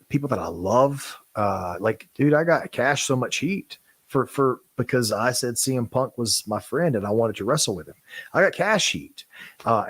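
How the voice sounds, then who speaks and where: A man speaking as a podcast host, emotional, halting and apologetic in candid talk. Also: on the low side, husky, no echo.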